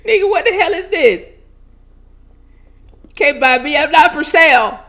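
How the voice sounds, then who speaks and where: A woman with a high voice speaks in on her own vlog. She rants loosely and profanely to her viewers, breaking into laughter and sounding openly incredulous. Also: animated, measured pace, fairly bright tone. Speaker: channel host. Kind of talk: casual ranting vlog.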